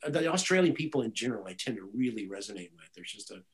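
A man's voice: on the low side, fast, low-quality recording. A man, a guitarist and music director, telling stories in a casual interview with many restarts. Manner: rambling, animated storytelling with many restarts.

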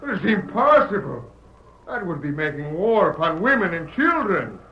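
An actor playing a proud, honorable Mexican rebel leader with a put-on Mexican accent, in earnest speech dotted with Spanish words. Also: male voice, high-pitched, sing-song, moderate pace. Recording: dull old radio broadcast, echoey, faint hiss.

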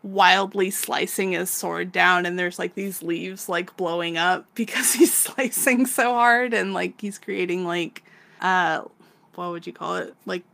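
A woman's voice: fairly low pitch, vocal fry, a bit bright. A woman co-hosting a podcast, casually recapping a manga, laughing often and swearing freely as she acts out the characters. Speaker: podcast co-host.

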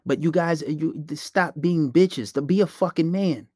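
A man's voice: on the high side, measured pace, darkish tone, no room sound, studio quality. A man hosting a podcast, giving blunt, profane dating advice in a preachy, casual rant. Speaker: podcast host.

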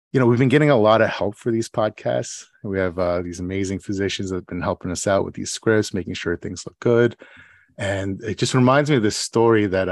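A man's voice: deep voice, no echo, studio quality. A man co-hosting a podcast, talking loosely with plenty of fillers and restarts. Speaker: podcast co-host. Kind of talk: casual podcast chat and mock oral exam.

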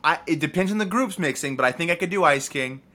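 Playful, lively-voiced podcast co-host. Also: male voice, a little high. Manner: playful, quick to riff and joke. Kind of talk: casual podcast chat.

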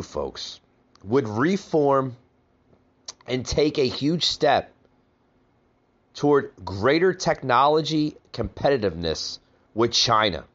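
A man's voice: mid-range voice, highs cut off. A man hosting a political podcast in a casual, conversational way, often calling his listeners folks. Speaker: podcast host.

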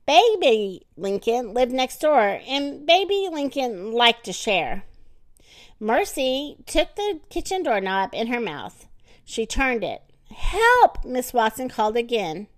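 A woman reading a children's story aloud in an expressive, animated manner with dramatic pauses. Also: on the high side, no echo, clean studio sound.

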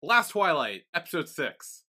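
A man's voice: a little high, sing-song, a little slow, pushed and bright. A man co-hosting a podcast, giving short laid-back reactions and casual chat. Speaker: podcast co-host.

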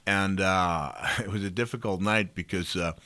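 A man's voice: low-pitched, normal speed, pushed and bright, no room sound. A man, a guest telling long, rambling stories with many fillers in a casual interview.

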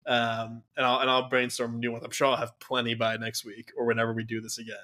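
A man co-hosting a podcast, lively and full of slang, laughing his way through a story. His voice sits at a middling pitch for a man. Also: fast talker. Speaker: podcast co-host. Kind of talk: casual chat.

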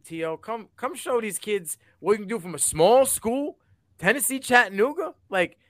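A man co-hosting a sports podcast in casual chat, animated and rambling, laughing often. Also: sits high, dry recording. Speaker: podcast co-host.

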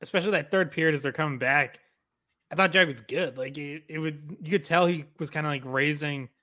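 Man, fairly high voice, casual sports chat, hesitant, lots of fillers, trailing off. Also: a little fast, pushed and bright. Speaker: podcast co-host.

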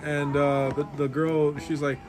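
A man's voice: on the high side, level tone, unhurried, music in the background. A young man in casual chat, swearing freely and acting out the people in his stories. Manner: profane, storytelling, acts out quotes. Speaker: podcast co-host. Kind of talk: casual chat while drawing.

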